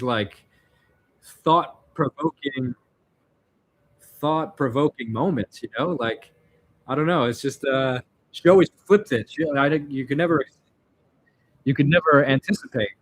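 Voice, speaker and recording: A man vlogging, telling personal stories in a rambling, reflective way, full of fillers and restarts. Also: medium pitch. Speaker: vlogger answering viewer questions. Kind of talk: casual storytelling monologue.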